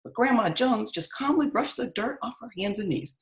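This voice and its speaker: Animated middle-aged woman storyteller. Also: a little high, normal speed, hardly any pauses, poor audio. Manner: expressive, animated reading. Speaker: author reading her book aloud. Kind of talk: read-aloud storytelling and live-stream chat.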